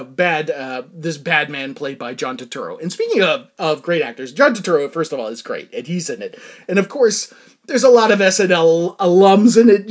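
A young man ranting casually and comically, exasperated and laughing often, with lots of fillers. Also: high voice. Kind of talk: casual comedic rant.

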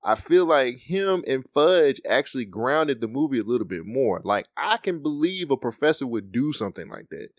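A man's voice: mid-range voice, moderate pace, few pauses, no echo, clean studio sound. A man co-hosting a podcast, chatting casually about a movie and acting out lines from it. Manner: animated, acts out movie lines in quotes. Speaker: podcast co-host.

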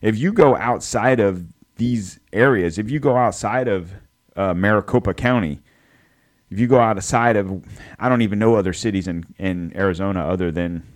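A man's voice: lowish voice, normal speed. A man co-hosting a podcast, rambling through a casual political chat, swearing and correcting himself as he goes. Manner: rambling, profane, self-correcting. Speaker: podcast co-host.

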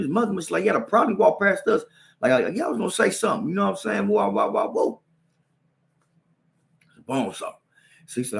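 Fast-talking gravelly man telling a story. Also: high-pitched. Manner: animated, acts out punches with sound effects; slang-heavy, repeats "you know what I'm saying". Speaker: podcast host. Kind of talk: casual storytelling.

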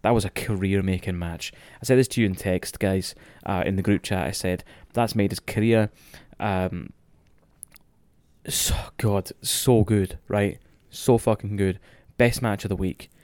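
A young Scottish man recapping a wrestling match in casual, excitable, sweary podcast chat. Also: lowish voice, unhurried, no room sound.

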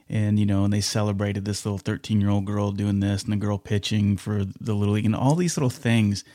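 Lowish-voiced man hosting an interview. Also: steady tone, a little mellow, no echo, studio quality. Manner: rambling, searching for words with many restarts; reads sponsor ad quickly. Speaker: podcast host. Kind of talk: conversational interview.

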